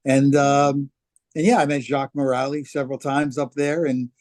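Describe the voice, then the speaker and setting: A man's voice: mid-range voice, little pitch movement, moderate pace, darkish tone. A man in casual interview conversation, recalling names and places in a rambling way with many fillers. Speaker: interview guest, former record company worker.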